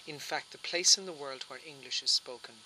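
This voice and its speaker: A man with a flat Irish accent, explaining at length in an interview, often restarting his sentences. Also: mid-range voice, brisk, a little hiss or hum, poor audio. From Ireland. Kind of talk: interview answer.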